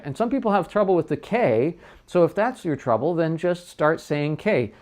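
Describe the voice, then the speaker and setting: A man's voice: fairly high pitch, animated, normal speed. Chatty male trumpet teacher. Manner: casual, chatty, demonstrates tonguing syllables aloud. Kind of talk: livestream music lesson.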